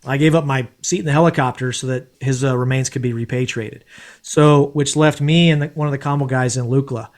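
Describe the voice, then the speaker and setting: A man's voice: mid-range voice, fairly even intonation, a little fast. A man, a former Green Beret, telling stories casually as a podcast guest, blunt and profane. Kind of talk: casual storytelling.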